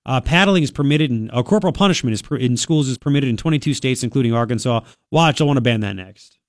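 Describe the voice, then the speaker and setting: On a studio mic with no echo, a man speaks in a mid-range, expressive voice at a fast clip. He's a chatty, sarcastic radio talk show host with a cold, sniffling as he reads news items and riffs on them.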